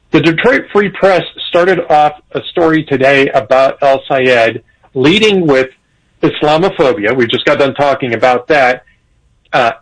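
Guy on talk radio, lively voice jumping all over, restarts a lot, laughs between points. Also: fairly high pitch, poor audio. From Irish heritage. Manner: animated, chuckling, frequent restarts. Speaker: political commentator. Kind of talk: radio talk show discussion.

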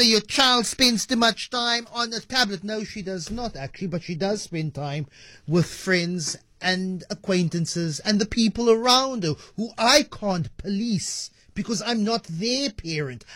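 A man's voice: high voice, fairly bright tone, dry recording. A man hosting a radio talk show, musing in a conversational, playful way. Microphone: studio microphone.

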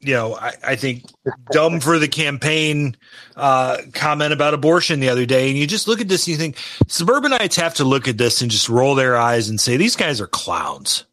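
A man's voice: mid-range voice, expressive, a little fast, fairly bright tone, no echo. A man hosting a political interview, musing conversationally about his home state's races. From Illinois.

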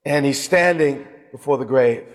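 A man, a bishop, preaching a sermon, breaking into shouts and then stretching words out slowly for emphasis. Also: medium pitch. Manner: preaching with sudden shouts and drawn-out slow emphasis. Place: church sanctuary. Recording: long reverb of a large church.

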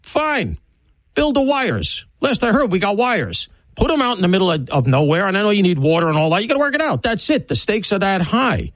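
A man's voice: high-pitched, big pitch swings, fairly quick, a bit bright, no echo, rough recording. A man hosting a radio talk show, rambling bluntly through an opinionated monologue and previewing guests. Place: broadcast studio.

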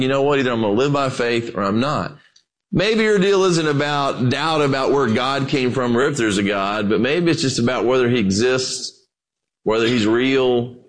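A middle-aged man preaching a sermon, telling stories and talking to his listeners as "guys" in a relaxed, conversational way. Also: medium pitch. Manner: storytelling with acted quotes, conversational asides to "guys". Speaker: pastor.

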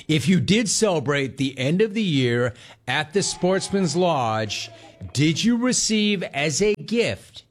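A man in his forties hosts a casual sports talk show and reacts to his live chat. His voice is very lively and swings up and down as he tells stories, with quick asides in between. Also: a little high. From Los Angeles area.

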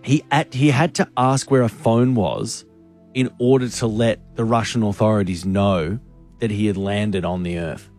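A man's voice: fairly low pitch, fairly even intonation, moderate pace, darkish tone, faint music behind. A man co-hosting a radio show, telling stories in playful, laughing banter.

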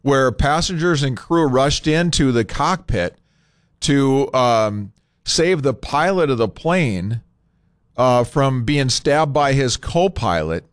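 A male talk radio host speaks loosely into a studio microphone, thinking aloud with scattered fillers. His voice is smooth and resonant, and it sits close and dry with no room sound. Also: mid-range voice, lively intonation, dry recording. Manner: conversational and unscripted, pausing with fillers.

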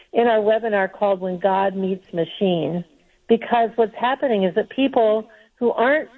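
A woman's voice: mid-range voice, dull audio. A woman co-hosting a Christian talk show who speaks hesitantly, with many ums and restarts. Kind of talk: conversational religious commentary.

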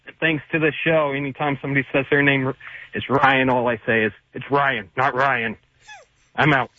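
Guy caller, blunt quick gripe, faraway muffled phone sound. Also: medium pitch, fairly even intonation. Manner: brief, blunt complaint. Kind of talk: recorded voicemail rant. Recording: distant, lo-fi phone recording.

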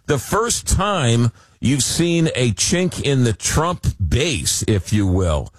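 A man's voice: mid-range voice, big pitch swings, takes it slowly, breathy edge, no echo, studio quality. A man hosting a talk radio show, chatty and jokey, often repeating words as he goes.

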